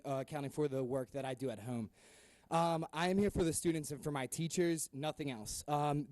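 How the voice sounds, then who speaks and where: A man's voice: fairly high pitch, no room sound, rough recording. Impassioned young man at a podium. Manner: earnest and impassioned, with frequent ums. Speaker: math department head speaking at public comment. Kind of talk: public comment speech. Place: public board meeting room.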